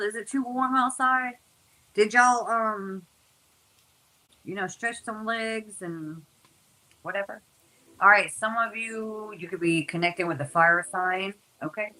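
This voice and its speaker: A woman's voice: mid-range voice, unhurried, long pauses, sharp tone, rough recording. A woman giving a casual, chatty tarot reading to her viewers, talking informally and repeating herself. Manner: chatty, informal, repeats words, uses "y'all". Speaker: tarot reader.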